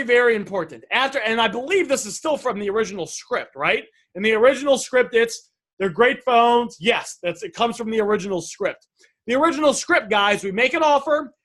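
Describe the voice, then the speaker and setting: High-voiced man coaching sales chats. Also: fairly bright tone. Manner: enthusiastic, repeats phrases, addresses viewers as guys. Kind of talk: coaching review of sales messages.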